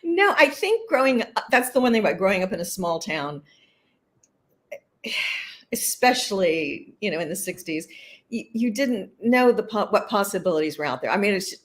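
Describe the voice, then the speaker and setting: A woman in her sixties from California talks in a relaxed, chatty way as an interview guest. She laughs easily and reminisces with warmth. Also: medium pitch, normal speed. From California, USA. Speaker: actress guest. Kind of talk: casual interview conversation.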